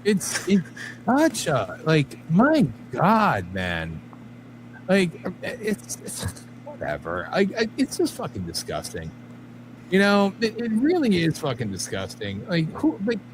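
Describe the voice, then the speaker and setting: A man co-hosting a live radio talk show, ranting in a profane, excitable way. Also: sits high, slow pace, noisy background. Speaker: co-host.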